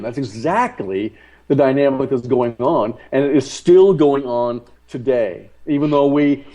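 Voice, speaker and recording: A man discussing politics as a talk show guest, halting and repeating words, then pressing his points hard. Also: medium pitch, mellow, rough recording. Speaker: guest commentator.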